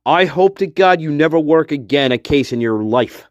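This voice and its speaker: A man's voice: a little high, dry recording, lo-fi sound. A man giving angry true-crime commentary, profane and contemptuous, dragging out his insults. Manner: profane, contemptuous, name-calling; slow, drawn-out insults.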